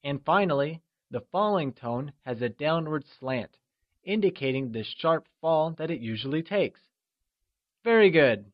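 A man narrating a scripted language lesson, upbeat and encouraging, drawing out modeled syllables slowly. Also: fairly high pitch, expressive, highs cut off. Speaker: language teacher.

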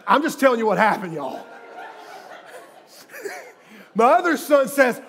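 A middle-aged man preaching a sermon, telling jokey stories and swinging from quiet asides to loud bursts. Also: very high voice, sing-song, unhurried, pauses often, slight background noise. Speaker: guest preacher. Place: church sanctuary with live audience.

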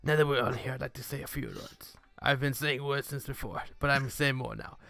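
A man's voice: mid-range voice, fairly even intonation, a little fast, vocal fry, a crowd in the background, natural voice. A man voicing a male Pokemon professor's speech from a game, reading it in an offhand, jokey way. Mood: mock-solemn. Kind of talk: reading game dialogue aloud in a let's-play.

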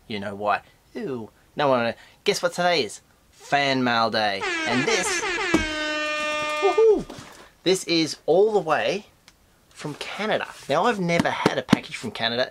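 An Australian man hosting a casual unboxing vlog, his voice nasal and stuffy from a flu, bursting into excited squeals. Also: normal speed, heavy background noise. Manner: excitable, with sudden high squeals of delight. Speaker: host of a toy unboxing channel.

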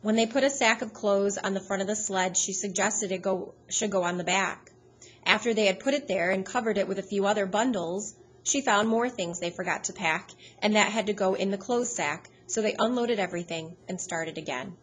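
A woman's voice: medium pitch, a little fast, slightly rough, rough recording. Woman reading a storybook aloud. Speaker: audiobook narrator. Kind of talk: scripted storybook narration.

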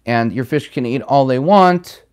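Smooth-voiced man chatting on a livestream. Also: medium pitch, a little slow, a little mellow. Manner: rambling, chatty, reads out viewer comments. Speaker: livestream host answering viewer chat. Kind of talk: casual livestream chat. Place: home in Chicago.

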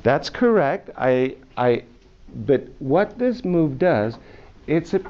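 A man's voice: on the high side, very animated, slow. A man teaching chess to a class of children, playfully quizzing them with questions. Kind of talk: classroom lesson. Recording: muffled classroom video with faint hiss.

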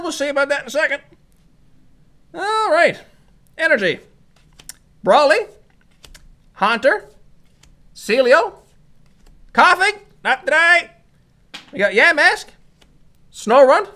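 A YouTuber gives excitable, hyped-up commentary while opening trading card packs and calling out each card. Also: high-pitched. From Newfoundland, Canada. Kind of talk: casual pack-opening commentary.

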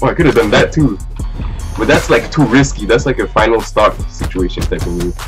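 A man's voice: fairly low pitch, lively intonation, brisk. A young man giving live commentary while playing a ranked fighting game, swearing, trash-talking and repeating his phrases. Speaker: gamer. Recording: faint game music behind.

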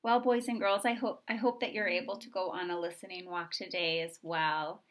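Gentle teacher woman talking to kids. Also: lowish voice, fairly even intonation, normal speed. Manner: gentle, encouraging and chatty with kids. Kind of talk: reading aloud to young children.

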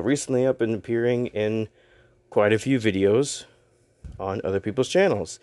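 Young male vlogger, low-pitched, dry close mic, rambling and self-deprecating. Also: a little mellow, no room sound. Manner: rambling, self-deprecating, stumbles over words. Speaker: YouTuber and voice actor. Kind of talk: casual announcement vlog.

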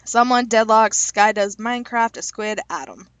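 Young woman, slightly high voice, joking casual vlogger, close dry mic. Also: fairly bright tone, no echo. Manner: chatty, self-deprecating, reads questions aloud and answers with quick jokes. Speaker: YouTuber taking online quizzes. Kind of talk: casual vlog commentary.

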